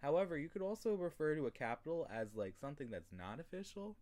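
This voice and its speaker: Casual young male English tutor from New York State; easygoing, lots of fillers and throat clearing. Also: a little high, very animated, fast, a little mellow. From New York State, USA. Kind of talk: casual online lesson.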